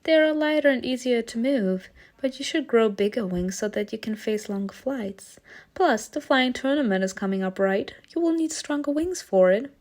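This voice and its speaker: Girl voicing a perky high angel teacher lady, kind but strict, story game reading. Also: lively intonation, moderate pace, a little mellow, lightly acted. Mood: instructive.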